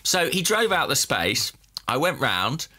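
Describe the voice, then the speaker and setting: With a medium-pitched, pushed and bright voice full of big pitch swings, a football podcast co-host tells a lengthy story at his own expense, speaking a little slowly. He laughs at his own mishaps throughout the casual conversation.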